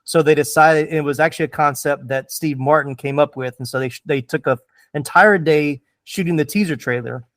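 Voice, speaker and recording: A man hosting a movie podcast in an easy, enthusiastic way, voice a touch higher than most men. He talks loosely with lots of fillers, recorded dry and close. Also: fairly quick, fairly bright tone, no echo. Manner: enthusiastic, chatty, many fillers. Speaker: podcast host. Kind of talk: casual movie podcast chat.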